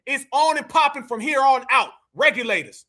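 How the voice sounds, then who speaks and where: A man giving heated, profane reaction commentary and often shouting. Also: very high voice, animated, moderate pace, a little hiss or hum. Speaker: political commentator reacting to clips.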